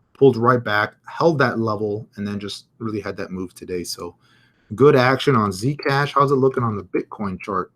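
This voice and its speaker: Speaking in a fairly low voice, this guy hosts a live stream on the crypto market. He talks through the charts casually, musing aloud and chatting as he goes through comments from viewers.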